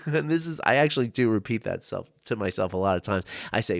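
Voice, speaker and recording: A male life coach telling a personal story to camera, earnest and reflective, with frequent "you know" and "right?" asides and soft laughs. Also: on the low side, lively intonation, brisk, gravelly, no echo, studio quality. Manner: laughs often between thoughts. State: tearful at times.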